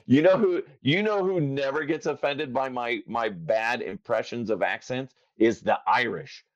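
A man's voice: mid-range voice, a little slow, no room sound, muffled recording. A man hosting a podcast in casual, joking chat, often slipping into silly voices. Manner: joking, animated, slips into voices. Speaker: podcast host.

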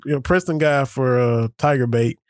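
A man's voice: mid-range voice, moderate pace, no room sound, clean studio sound. A middle-aged man from southeastern Kentucky, joking through casual sports chat as a podcast co-host. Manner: laughs often, folksy and joking.

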